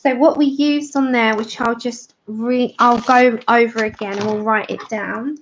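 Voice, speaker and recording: A woman hosts a colouring livestream, chatting casually and walking through each step as she works. Her voice is a little high, steady and unhurried, with slight background noise and dull lo-fi audio.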